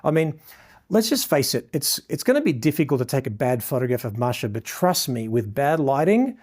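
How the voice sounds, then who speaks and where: A man's voice: medium pitch, sing-song, fairly quick, darkish tone. A man with an Australian accent teaching a portrait lighting lesson as he shoots, praising the model and explaining each setting to viewers. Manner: effusive, showering the model with praise. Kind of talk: live instruction while shooting a portrait session.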